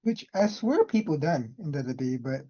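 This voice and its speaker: A podcast co-host chiming in with quick, profane, laughing asides in casual chat. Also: mid-range voice, very animated, dark tone, breathy edge. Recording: dull lo-fi recording.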